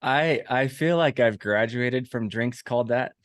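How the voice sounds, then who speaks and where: A man's voice: medium pitch, a little slow, dry recording. Rambling, self-mocking man in his forties. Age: 40s. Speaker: podcast host. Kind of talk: casual podcast chat.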